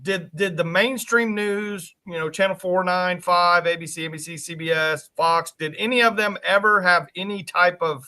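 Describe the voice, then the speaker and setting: A man with a high voice and a sharp, bright tone co-hosts over a video call. He asks his questions in a loose, casual way. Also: steady tone, normal speed, hardly any pauses. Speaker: co-host.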